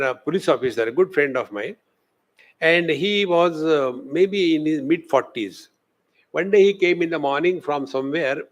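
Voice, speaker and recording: A man's voice: on the high side, highs cut off. A man with an Indian English accent giving a spiritual discourse as a swami, telling stories and acting out the voices of the people in them. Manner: animated storytelling, acting out quoted voices. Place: lecture hall.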